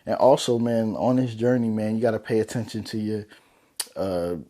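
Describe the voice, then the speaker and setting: A young man, talking on a podcast in a loose, slangy, conversational way. His voice sits low and sounds dark and mellow. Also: normal speed. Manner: relaxed, conversational, heavy slang. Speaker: podcast host. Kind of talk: casual solo podcast talk.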